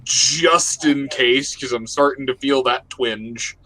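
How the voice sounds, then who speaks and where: Slow, calm man reassuring others. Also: medium pitch, a crowd in the background, rough recording. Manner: calm, matter-of-fact reassurance. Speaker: tabletop game player.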